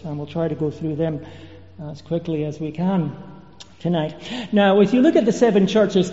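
High-voiced preacher in an echoey hall. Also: male voice, warm tone. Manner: measured expository preaching with fillers. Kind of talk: sermon. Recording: dull echoey church hall recording.

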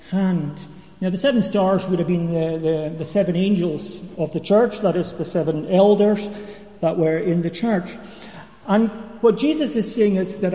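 Man, preacher, sermon, mellow tone, dull echoey church recording. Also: sits high. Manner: measured expository preaching with fillers.

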